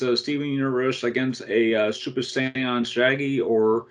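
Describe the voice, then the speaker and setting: A man with a mid-pitched, everyday voice co-hosts a casual gaming chat. He muses thoughtfully and hesitantly. He stops often on "uh" while he finds his words. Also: fairly quick, few pauses. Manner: thoughtful, hesitant, many "uh" fillers. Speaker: podcast co-host.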